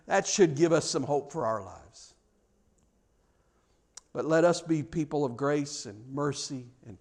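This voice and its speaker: A middle-aged man preaching a sermon as pastor, earnest and animated, often repeating words as he restarts his sentences. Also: fairly high pitch.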